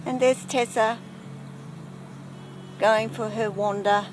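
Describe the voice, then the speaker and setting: Slow, chatty woman vlogging outdoors. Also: a little high, steady tone. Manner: chatty, talks baby talk to her cat. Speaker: vlogger filming her pets. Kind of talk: casual chat to camera. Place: outdoors in a yard. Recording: music playing under the voice.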